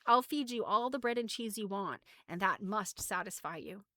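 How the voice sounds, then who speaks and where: A woman's voice: mid-range voice, animated, normal speed, bright, forceful tone, no room sound. A woman voicing an eager, practical young boy who talks in an earnest, sensible way.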